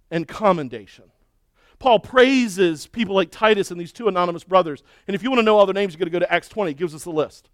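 A middle-aged man preaching a sermon and telling a story with lively, acted-out shouting and cheering. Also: high voice, dry recording, studio quality. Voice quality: balding. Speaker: pastor.

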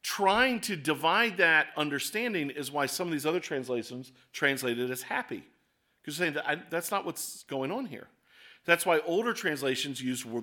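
A man preaching a sermon as pastor, explaining scripture in a conversational way and reading verses aloud, slowing down and speeding up for emphasis. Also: on the high side, bright, forceful tone.

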